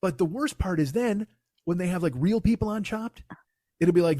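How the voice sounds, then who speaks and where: A man in his forties with a fairly high voice rants through a comic story, swearing freely and sounding fed up. The sound is dry and close, with no room around it. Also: expressive, moderate pace, dark tone, no room sound. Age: 40s. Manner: profane, exasperated storytelling. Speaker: comedian podcast host. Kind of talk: casual comedic rant.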